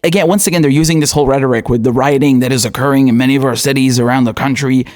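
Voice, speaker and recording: A man's voice: mid-range voice, steady tone, racing, few pauses, a little mellow. A young man hosting political commentary, indignant and profane, often laughing.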